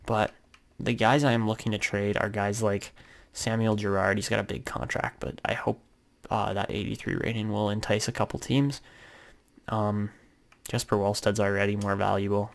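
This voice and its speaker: A young male gaming YouTuber gives relaxed commentary on his gameplay, thinking out loud with plenty of ums and uhs while he plans his moves. His voice is on the low side with vocal fry, at a moderate pace.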